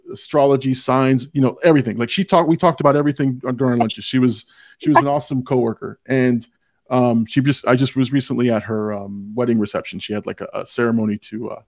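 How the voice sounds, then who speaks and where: A man's voice: mid-range voice, darkish tone, dry recording, studio quality. A man hosting a movie podcast in casual chat, rambling and stumbling over his words, swearing freely. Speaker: podcast host.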